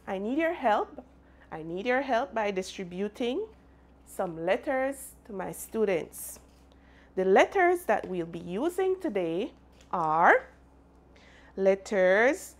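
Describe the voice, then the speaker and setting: A woman teaches phonics to young children, speaking very slowly and spelling out each sound. Her pitch swoops up and down in a bright sing-song way as she invites the class to repeat after her.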